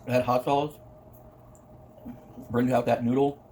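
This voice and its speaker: A playful man chats to the camera over a meal, humming and singing little bits between bites. His voice sits at a middle pitch. A faint noise hangs under the recording. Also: level tone, takes it slowly, darkish tone. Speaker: mukbang vlogger. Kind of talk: casual eating vlog talk.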